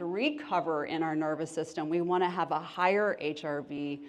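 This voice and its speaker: Woman, lowish voice, educational talk, engaging, asks the audience questions. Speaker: therapist and life coach giving a talk.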